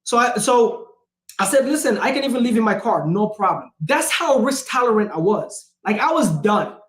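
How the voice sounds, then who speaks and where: A man hosting a livestream as a real estate investor, speaking in a casual, energetic, emphatic way and repeating phrases for punch. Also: very high-pitched, moderate pace, reverberant. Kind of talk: casual motivational talk.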